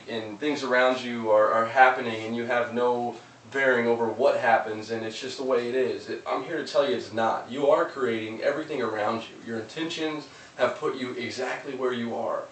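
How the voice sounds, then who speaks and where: An earnest man delivers a casual motivational monologue, stumbling over repeated words as he goes. The mic sits some distance off in a roomy space. A faint noise hums behind him. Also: mid-range voice. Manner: earnest, loose, with many repeated restarts. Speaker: vlogger giving motivational talk.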